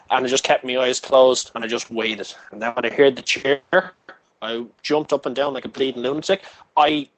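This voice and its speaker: A man's voice: mid-range voice, no echo, low-quality recording. A man chatting casually, telling long sweary stories. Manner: sweary, storytelling rambles. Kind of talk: casual chat.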